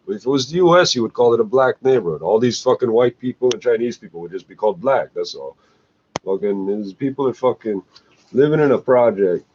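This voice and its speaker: A man's voice: on the low side, darkish tone, lo-fi sound, slight background noise. A man ranting bluntly to camera, swearing often and tagging lines with "eh". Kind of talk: rambling profane rant to camera.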